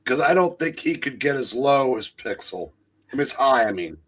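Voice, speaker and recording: A man's voice: medium pitch, animated, moderate pace, fairly bright tone, breathy edge. A man co-hosting a comic book livestream, chatting casually with wry remarks and stammered restarts. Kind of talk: casual chat.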